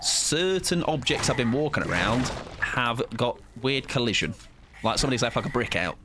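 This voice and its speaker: A man's voice: mid-range voice, animated, normal speed, background noise. A young British man giving casual live gameplay commentary as a streamer, rambling, restarting sentences and swearing casually.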